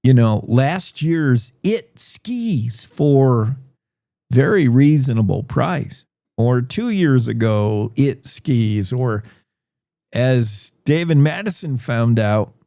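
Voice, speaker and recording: A man's voice: mid-range voice, warm tone, no echo, clean studio sound. A man hosting a radio show, talking casually with rambling, joking asides.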